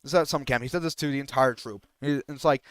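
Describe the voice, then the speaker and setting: A man's voice: mid-range voice, fast, dry recording, clean studio sound. A young man streamer telling a rambling story with many restarts and fillers, sometimes indignant, in casual talk while gaming.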